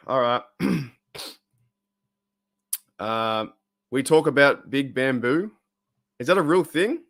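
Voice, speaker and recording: A man's voice: medium pitch, lively intonation, takes it slowly, long pauses, a bit bright. A man hosting a live fan stream, rambling and fired up while he chats with viewers. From Australia. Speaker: fan channel host.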